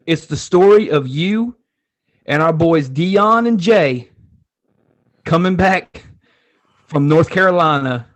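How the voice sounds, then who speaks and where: A man with a voice a little higher than most men's cuts in eagerly during a relaxed chat. He talks casually and swears freely, pushing the conversation along. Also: takes it slowly, pauses often. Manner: eager, interjecting, profane. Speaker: friend joining the interview.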